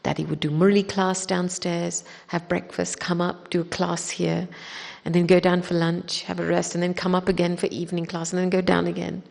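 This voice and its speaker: A woman telling a personal story in a spiritual talk, earnest and lively. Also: on the low side, normal speed, creaky. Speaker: spiritual speaker. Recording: long hall reverb.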